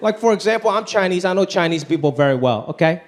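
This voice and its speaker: Animated male stand-up comic, lively pitch. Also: fast talker. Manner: animated, acts out voices of others. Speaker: stand-up comedian. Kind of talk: stand-up comedy set. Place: comedy club stage before a live audience. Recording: live club recording with loud audience laughter. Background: audience laughter.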